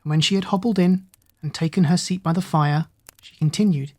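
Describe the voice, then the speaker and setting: A woman narrating a bedtime fairy tale for children in a calm, soothing way. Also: deep voice, a little fast. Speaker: storyteller.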